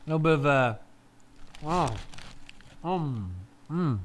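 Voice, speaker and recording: A man giving casual live race commentary, chatty, swearing freely and moving between laid-back chatter and excited shouting. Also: fairly high pitch, takes it slowly, a little hiss or hum.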